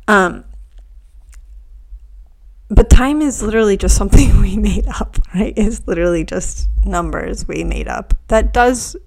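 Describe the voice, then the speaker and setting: A woman hosting a reflective spiritual podcast, talking softly and unhurriedly, often dropping to near whispers. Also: on the low side, creaky. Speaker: podcast host.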